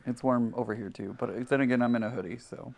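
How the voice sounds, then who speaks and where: A man's voice: mid-range voice, steady tone, quick pace, creaky, a crowd in the background. A man bantering casually during a home sewing livestream, joking and laughing, sitting a bit away from the microphone. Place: home sewing room, indoors.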